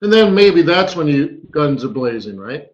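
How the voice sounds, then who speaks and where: Speaking at normal speed in a highish, very animated voice, a forex strategist casually walks through a live trading webinar. He's talkative and keeps throwing in a rhetorical "right?", over dull lo-fi webinar audio.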